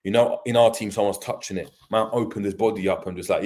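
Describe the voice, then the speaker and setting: A young man co-hosting a casual football chat, slangy and animated, often acting out players' voices. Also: lowish voice, fast talker. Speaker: football podcast co-host.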